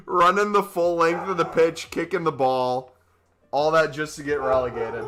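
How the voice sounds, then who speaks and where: A male streamer chatting during a live game stream on his microphone, excitable and joking. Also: fairly high pitch, unhurried, pauses often, soft background music. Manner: excitable and joking, with whoops and laughs.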